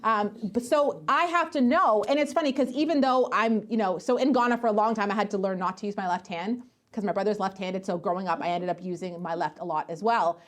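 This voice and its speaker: A woman's voice: mid-range voice, a little fast. A woman pastor co-leading a conference workshop, explaining in a conversational way through personal anecdotes. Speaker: connections pastor.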